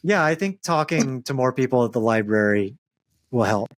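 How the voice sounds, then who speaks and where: A man's voice: mid-range voice, lively intonation, moderate pace, dry recording. A man from the American South co-hosting a casual comedy chat, joking and self-deprecating, laughing often. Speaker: podcast co-host.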